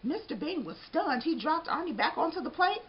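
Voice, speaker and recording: A woman reading a picture book aloud in an expressive, animated way. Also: sits high, a little fast, a little hiss or hum. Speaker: storybook reader. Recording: dull lo-fi recording.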